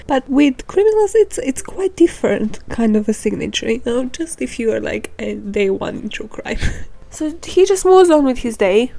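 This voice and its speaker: A woman's voice: high-pitched, very animated, moderate pace, gravelly, warm tone, low-quality recording. A woman hosting a true crime podcast, telling the case in a casual, chatty and irreverent way, swearing and filling her talk with "like".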